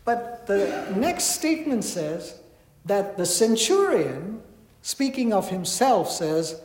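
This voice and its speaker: A man preaching a sermon in a measured, emphatic way with dramatic pauses, heard in a large hall. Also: high-pitched, big pitch swings, darkish tone. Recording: echoey hall.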